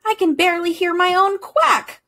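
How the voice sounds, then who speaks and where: A woman voicing an excitable, adventurous male duck in a children's storybook reading, eager and squealing. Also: high voice, measured pace, pitched above the performer's own voice, full character voice.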